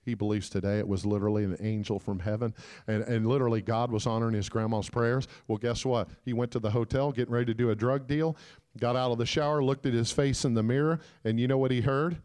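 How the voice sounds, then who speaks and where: A man's voice: mid-range voice, quick pace, smooth. Man preaching a storytelling sermon. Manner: animated, swings from loud shouts to hushed quiet; calls out to the congregation. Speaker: guest preacher.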